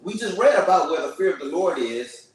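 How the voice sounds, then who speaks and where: A man's voice: fairly high pitch, big pitch swings, brisk. Guy preaching scripture, keeps asking questions, heavy echo, kinda far from the mic. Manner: emphatic call-and-response questioning. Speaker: lead teacher of a scripture study. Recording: echoey room, distant from mic.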